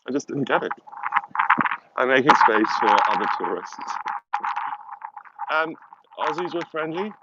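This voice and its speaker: A man's voice: on the high side, very animated, moderate pace, long pauses. A man with a South African accent, chatting casually in a rambling, self-mocking way while live-streaming from a hilltop on a phone. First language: German. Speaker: vlogger. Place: outdoors on a hilltop. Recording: dull lo-fi phone audio with wind noise.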